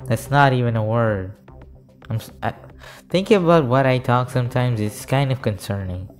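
A man giving excitable commentary over his own gameplay, cheering at kills and muttering asides between rounds. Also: mid-range voice, moderate pace. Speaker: gaming YouTuber. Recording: game music behind voice.

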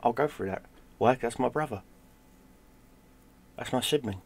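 A man's voice: medium pitch, moderate pace, long pauses. A middle-aged man tells a personal story in blunt, casual speech and swears freely. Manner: blunt, swears freely, drops to a hush for tense moments. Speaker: gaming streamer telling a personal story.

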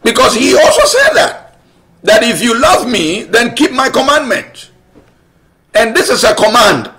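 Guy preaching a sermon, high voice, slow and emphatic, keeps repeating himself. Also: sing-song, background noise. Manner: emphatic, repetitive preaching with rhetorical questions. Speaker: pastor.

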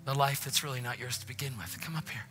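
A man preaching a passionate sermon in a church, often dropping into hushed whispers. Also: medium pitch, fast talker, faint music behind. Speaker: guest preacher. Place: church, faint music behind.

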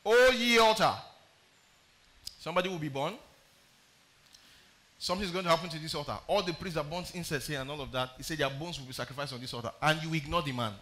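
Bright-voiced man preaching a sermon. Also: a little high. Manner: emphatic, often asks the congregation questions; reads scripture aloud, then explains it. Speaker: pastor. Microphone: streamed live sermon.

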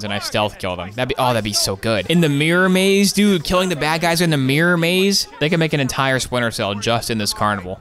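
A man's voice: mid-range voice, a bit bright. A man giving comedic, sarcastic commentary over gameplay, tossing off jokes and asides. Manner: joking, sarcastic, quick asides with laughs. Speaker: gaming commentator.

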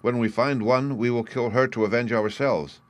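A man's voice: medium pitch, fairly even intonation, moderate pace, no room sound, voice pushed up, close to an everyday voice. A man voicing a band of angry banished princes in a fairy tale reading, bitter and resolute.

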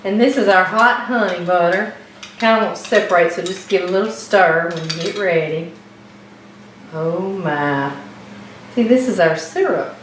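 A woman's voice: on the low side, a little slow, a little hiss or hum. A woman hosting a home cooking show, chatty and bubbly as she talks straight to her viewers. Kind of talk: casual cooking demo and taste test. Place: home kitchen. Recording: echoey kitchen, far from mic.

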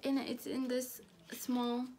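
A woman chatting casually through a beauty product haul, gushing and halting, with frequent restarts. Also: fairly high pitch, completely flat delivery, dark tone, a little hiss or hum.

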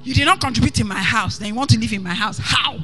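A woman pastor preaching passionately and building to shouted emphasis, with faint music behind her. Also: fairly high pitch, fast. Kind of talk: sermon.

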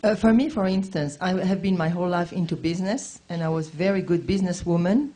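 A woman's voice: on the low side, fast talker, mellow. Earnest, doubting woman participant. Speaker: workshop participant. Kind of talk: audience question at a workshop.

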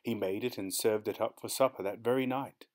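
Measured man reading a story. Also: fairly low pitch. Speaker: audiobook narrator. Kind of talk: scripted audiobook narration.

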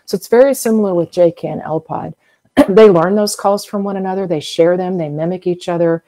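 A woman's voice: fairly low pitch, brisk, warm tone. A middle-aged woman from the US South, a guest expert in an interview, explaining at length in a chatty way with everyday comparisons and frequent fillers. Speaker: whale museum guest expert.

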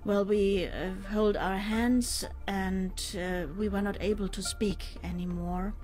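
An older woman with a mid-range voice answers interview questions about a past ordeal. She speaks in a measured, halting way, pausing often, with faint music underneath. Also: medium pitch, steady tone, darkish tone. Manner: measured, halting, with pauses and fillers. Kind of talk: recounting a personal ordeal in an interview.

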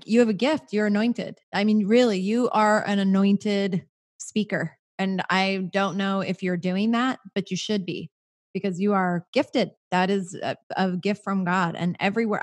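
A woman hosting a faith podcast, effusive and affirming toward her guest. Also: medium pitch. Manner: effusive, affirming, laughs readily. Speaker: podcast host. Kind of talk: podcast interview.

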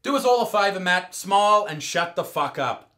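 High, bright-voiced Australian man ranting. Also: animated, normal speed. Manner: loud, crude, mock-outraged. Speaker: comedian reacting to clips. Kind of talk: profane comedic rant.

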